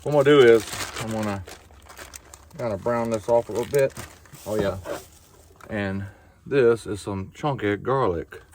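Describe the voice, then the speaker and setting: A man's voice: on the low side, moderate pace, pauses often, a little mellow. A middle-aged man with a Southern US accent chatting folksily to a nearby camera as he cooks at a winter campsite, with outdoor noise and a sizzling pan. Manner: folksy, chatty, talks while cooking. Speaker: outdoor vlogger. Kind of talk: casual cooking chat to camera. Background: outdoor ambience and frying food.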